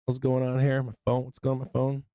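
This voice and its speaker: A man hosting a live trading stream, swearing and impatiently yelling at the price chart, with excitable bursts and frequent laughs. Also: mid-range voice, a little fast, smooth, no room sound. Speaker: live trading show host. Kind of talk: live-stream market commentary.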